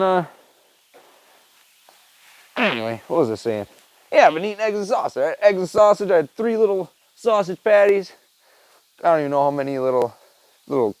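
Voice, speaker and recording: Gravelly young-sounding man rambling casually. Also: high-pitched, darkish tone, dry recording, poor audio. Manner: loose and rambling, swears a lot, laughs mid-sentence. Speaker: vlogger. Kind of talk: casual rambling chat to camera.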